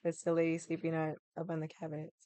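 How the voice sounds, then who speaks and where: A woman streams from her room and tells a long story to her chat. She swears freely and leans on fillers as she talks, in a smooth, clear voice. The sound is close and dry, with no room around it. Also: low-pitched, completely flat delivery, fast, dark tone, no echo. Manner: chatty, swears a lot, many fillers. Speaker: livestream host. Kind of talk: casual storytelling to a live chat. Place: home room.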